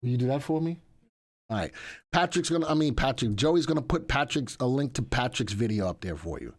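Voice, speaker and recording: A man's voice: medium pitch, expressive, fairly quick. Chatty man hosting a stock stream. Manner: chatty, repetitive, reads chat aloud. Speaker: livestream host. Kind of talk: casual live market commentary.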